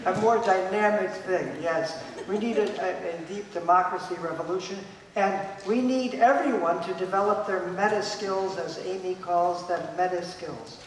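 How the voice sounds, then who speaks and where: A man's voice: high voice, moderate pace, hardly any pauses. A man giving an emphatic talk at a conference, repeating his key points and acting out the voices of people he quotes. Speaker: conference speaker. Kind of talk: lecture at a conference. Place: conference hall. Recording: echoey hall, voice picked up from a distance.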